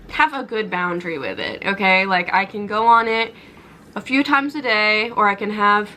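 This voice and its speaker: A young woman in her twenties talks to her camera at home in a chatty, rambling way, full of fillers and self-deprecating asides. Her voice is bright and clear. A faint hum of household sounds sits behind her. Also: mid-range voice, poor audio. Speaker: vlogger. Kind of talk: casual vlog chat to camera. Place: home kitchen and bedroom.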